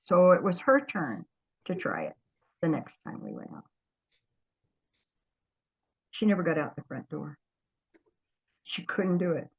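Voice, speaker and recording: An older woman, an interview guest, telling stories from her past in a lively way, often trailing off and starting over. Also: deep voice, a little slow, gravelly, pauses often, husky, muffled recording. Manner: lively storyteller, trails off and restarts. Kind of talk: storytelling reminiscence.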